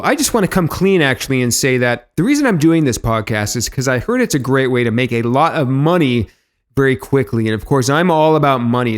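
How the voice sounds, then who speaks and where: A man hosting a podcast, delivering a mock-sincere comedic intro in a deadpan way. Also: medium pitch. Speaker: podcast host.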